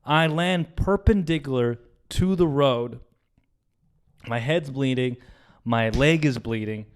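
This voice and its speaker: A young man co-hosting a podcast speaks slowly at a medium pitch with a clean tone. He retells a story casually and with animation, acting out the voices of the people in it and swearing along the way.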